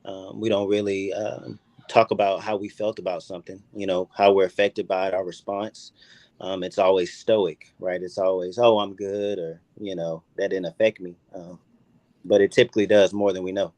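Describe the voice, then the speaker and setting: A man speaking as a podcast guest, soft-spoken and hesitant. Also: deep voice, level tone, normal speed, no echo. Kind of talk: casual podcast conversation.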